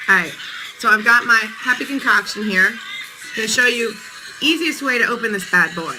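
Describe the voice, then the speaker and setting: A woman's voice: a little high, expressive, normal speed, music in the background, low-quality recording. A woman in her thirties hosting a casual morning live stream, chatting playfully with viewers while her voice sounds tired.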